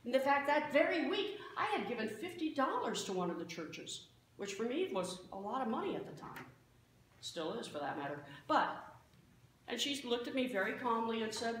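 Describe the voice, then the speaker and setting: A woman's voice: a little high, very animated, normal speed. A woman pastor preaching a sermon as a self-mocking story, recorded in a church sanctuary. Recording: very echoey church hall, faint noise.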